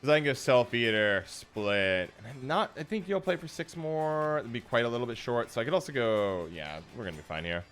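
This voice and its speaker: A man's voice: medium pitch, sing-song, brisk, few pauses, fairly bright tone, faint music behind. A man streaming a card game, chatting playfully with his viewers and teasing opponents as he plays. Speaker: gaming streamer. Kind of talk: live card game commentary.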